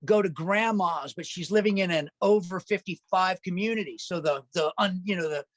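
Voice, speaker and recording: A man's voice: high voice, moderate pace, no room sound. A man guest telling stories in a casual interview, chatty and laughing often. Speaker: musician guest.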